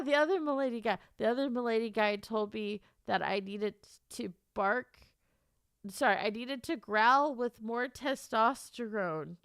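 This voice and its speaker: A woman's voice: fairly high pitch, a bit bright, clean tone, no room sound, clean studio sound. A woman streamer chatting casually with her viewers, emotional and teary, laughing and rambling as she talks. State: teary, crying on and off. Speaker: streamer and author. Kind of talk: casual live-stream chat.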